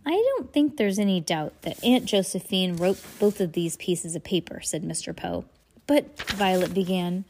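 A woman reads a novel aloud casually, stumbling over and correcting words, pausing to comment and laugh. Her lowish voice is expressive and slightly mellow.

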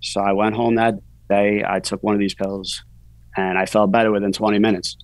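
A man's voice: on the low side, flat delivery, a little fast, no room sound, poor audio. A man in his forties, a guest author, telling a personal story in a casual, rambling way, full of "you know" fillers.

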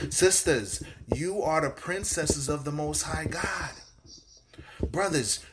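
A man preaching a sermon in call-and-response style, repeating lines for emphasis and reading scripture slowly. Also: mid-range voice, fairly bright tone, a little hiss or hum. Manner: reads scripture slowly and deliberately.

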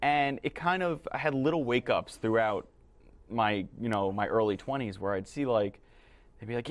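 A man's voice: mid-range voice, lively intonation, moderate pace. A young man from New York talks as a guest on a political chat show, in a mid-range voice. He speaks with emphatic, indignant force, stressing each grievance.

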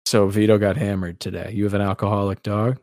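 A man's voice: on the low side, flat delivery, fast talker, darkish tone, dry recording, studio quality. A man hosting a casual sports podcast, talking in a sarcastic, rambling way. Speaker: podcast host.

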